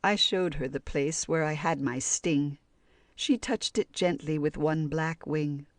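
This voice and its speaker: A woman reading children's poems aloud in a slow, sing-song rhyming way. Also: deep voice, no room sound, studio quality. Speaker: audiobook reader.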